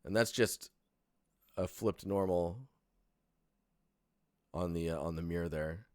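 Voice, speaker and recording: A man's voice: low-pitched, takes it slowly, a little mellow, dry recording, clean studio sound. A young man giving a casual, rambling live-stream portfolio critique, sleepy and full of fillers and restarts.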